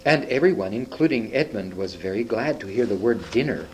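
A man reading a children's story aloud, expressive, with occasional slips and restarts. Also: on the low side, fairly quick, slight background noise, rough recording. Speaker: reader.

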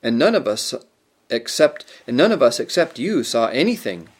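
A man voicing a tired, sensible older girl in a storybook reading, gentle and weary. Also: medium pitch, very animated, normal speed, breathy edge.

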